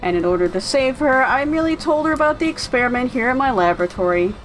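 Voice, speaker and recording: A woman's voice: high voice, lively intonation, quick pace, soft background music, rough recording. A woman voicing a scheming, pompous male villain doctor who gloats with a theatrical laugh. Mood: gloating.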